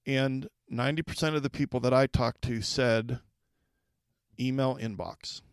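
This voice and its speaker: A man's voice: medium pitch, a little slow, clean tone, dry recording. A man hosting a solo podcast for school leaders, talking conversationally and putting direct questions to the listener.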